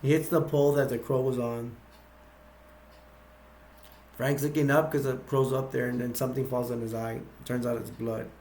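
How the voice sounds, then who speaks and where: A man casually retelling a movie plot, rambling and halting with many fillers. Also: medium pitch, little pitch movement, a little mellow, a little hiss or hum. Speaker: movie recap youtuber.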